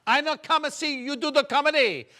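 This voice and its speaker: A man's voice: a little fast, bright, forceful tone. A man voicing an elderly Italian immigrant mother with a thick Italian accent and broken English. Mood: stubborn. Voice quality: broken English, high insistent pleading.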